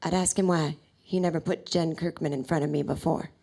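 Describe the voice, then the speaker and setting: A smitten male pop star murmurs in a low, hushed, coolly flirtatious voice, as a woman comedian puts him on. He speaks slowly and softly, sounding far deeper than the storyteller's own voice. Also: fairly even intonation, gravelly.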